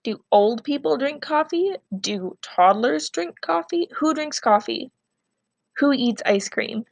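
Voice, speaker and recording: A woman teacher with a fairly high voice records a reading lesson. She alternates between expressive novel reading and patient, clear instructions for her students. The sound is close and dry, with no room around it. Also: takes it slowly, no echo.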